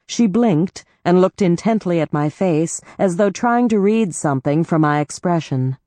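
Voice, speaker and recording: A woman reading a novel aloud in the first person, in a measured, even way. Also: lowish voice, dry recording. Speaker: audiobook narrator. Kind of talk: scripted first-person narration.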